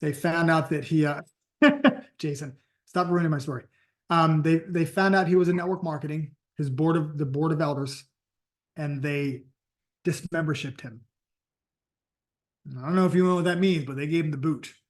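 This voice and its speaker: A man with a fairly high voice delivers a motivational training talk on sales. He tells stories in a lively, emphatic, conversational manner, like a coach talking straight to his group. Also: normal speed, pauses often. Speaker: sales and network marketing coach.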